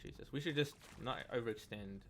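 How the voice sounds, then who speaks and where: A man's voice: medium pitch, a little fast, fairly bright tone, slight background noise. A man giving casual gameplay commentary, reading in-game texts aloud in a rambling, hesitant way with many restarts. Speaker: let's play gamer.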